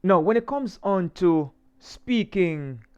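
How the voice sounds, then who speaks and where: A man's voice: high-pitched, animated, slow pace, smooth, lo-fi sound. A man hosting his own channel, giving a motivational faith talk and emphatically repeating slogans for viewers to say along with him. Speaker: channel host.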